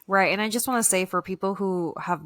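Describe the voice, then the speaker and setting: A woman's voice: medium pitch, a little fast, a bit bright, no echo, clean studio sound. A young woman co-hosting a podcast, talking in a chatty, bubbly way with lots of "like". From United States. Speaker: podcast co-host. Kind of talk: casual chat.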